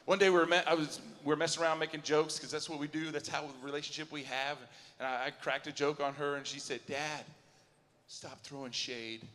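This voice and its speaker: A stand-up comedian in his forties performs at a live show in a large auditorium, where his high, bright voice trails a long hall reverb. Chatty and self-mocking, he keeps asking the crowd "you know what I'm saying?" He speaks quickly in a level tone, barely pausing.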